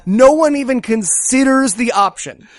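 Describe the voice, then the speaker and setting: A man's voice: extremely high pitch, expressive, a little slow, dry recording. A man co-hosting a comedy podcast, sarcastic and profane, talking over a remote call. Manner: sarcastic, profane, acts out silly voices. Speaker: podcast co-host. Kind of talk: casual comedic podcast chat. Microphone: remote call mic.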